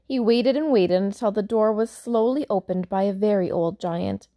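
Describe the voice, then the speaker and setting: A woman reading a picture book aloud for children, pausing to explain words and point out pictures. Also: medium pitch. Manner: warm, explaining asides to young listeners. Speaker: storyteller.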